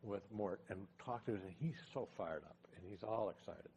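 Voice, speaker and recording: A middle-aged man, a tech company founder, telling a lively anecdote in a casual way and acting out the dialogue. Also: lowish voice, normal speed, a little hiss or hum. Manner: lively, acts out dialogue with changed voices.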